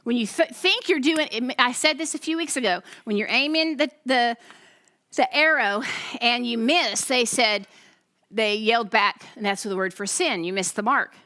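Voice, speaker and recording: A woman pastor, giving a testimony sermon to her congregation as an animated storyteller who acts out the voices she quotes. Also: fairly high pitch, normal speed.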